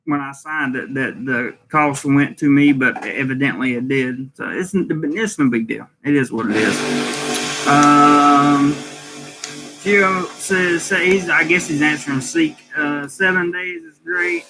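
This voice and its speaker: Guy on a live stream reading chat out loud and answering, fairly high voice, music going behind him. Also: slow pace, poor audio. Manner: reads viewer comments aloud and replies. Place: rental home with contractors working.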